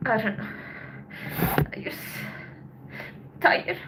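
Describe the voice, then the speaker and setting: A woman hosting a livestream, talking in a halting, emotional way with lots of swearing and a voice that breaks with tears. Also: heavy background noise. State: tearful. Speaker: livestream host. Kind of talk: emotional casual livestream chat.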